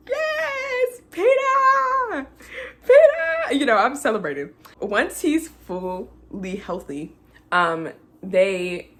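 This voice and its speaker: A woman recapping a film in a casual rant, emotional and chatty, laughing between many fillers. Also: mid-range voice. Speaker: movie reviewer.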